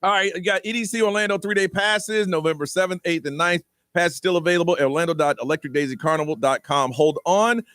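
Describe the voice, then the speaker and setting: A man hosting a morning radio show, playful and loud, joking with co-hosts and taking callers. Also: high-pitched, fast, few pauses, no echo. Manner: loud, playful, hypes winners. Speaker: radio host. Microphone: studio microphone.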